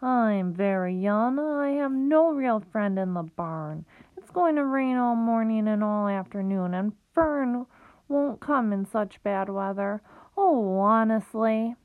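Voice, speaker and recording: A woman voicing a young, lonely male pig who pleads and rises high on his questions, on a tinny phone-like recording. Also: takes it slowly, no echo. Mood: plaintive.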